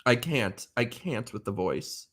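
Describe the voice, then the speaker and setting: A man's voice: mid-range voice, animated, a little slow, a bit bright. A man from New York City hosting a podcast in casual chat, campy and sassy as he tells dramatic stories. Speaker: podcast host.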